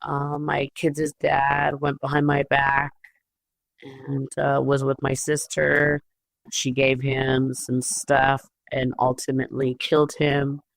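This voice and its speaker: A woman's voice: a bass voice, monotone, slow, creaky, no echo. A woman leaving a voice message for an advice show, speaking hesitantly and holding back tears. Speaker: caller. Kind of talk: recorded voice message.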